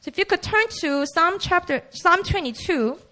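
A woman's voice: extremely high pitch, expressive, moderate pace, pushed and bright. A woman preaching a sermon in a casual, conversational way, acting out the quoted lines.

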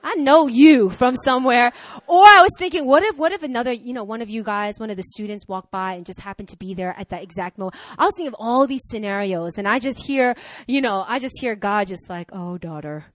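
A woman preaching a sermon who tells candid personal stories and acts out the dialogue with lively energy. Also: a little high, fast, hardly any pauses, dry recording. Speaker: preacher, pastor's wife.

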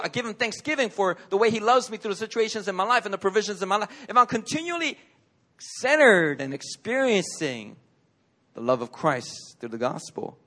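A male pastor giving a conversational sermon in a church, telling personal stories with animated delivery and laughter. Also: very high voice.

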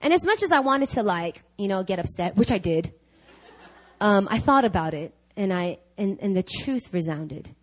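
A woman preaching a conversational sermon, telling a personal story with laughs and lively asides. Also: medium pitch, moderate pace, rough recording. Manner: animated, laughing, chatty with fillers. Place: church service.

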